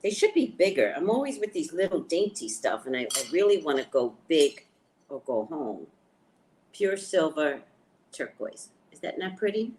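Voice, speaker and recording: A woman chatting casually to her viewers, excitedly showing off things she bought and talking about them. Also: low-pitched, moderate pace, slight background noise. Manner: chatty, excitable, shows items to camera. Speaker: spiritual reader and vlogger. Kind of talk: casual live chat to viewers.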